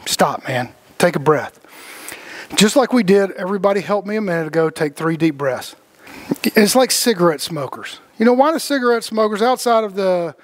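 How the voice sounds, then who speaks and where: Man, fairly high voice for a guy, loose rambling group talk, fillers, casual cussing.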